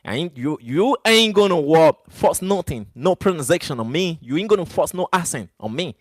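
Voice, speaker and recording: A man's voice: fairly high pitch, lively intonation, moderate pace, no echo. A man who is not a native English speaker, livestreaming and ranting defiantly back at his chat, repeating "brother" and "you know". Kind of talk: live stream rant to chat.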